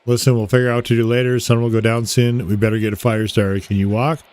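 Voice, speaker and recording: A man voicing a steady, caring male friend as he reads game dialogue aloud in a plain, calm voice. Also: mid-range voice, fast, natural voice. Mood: practical.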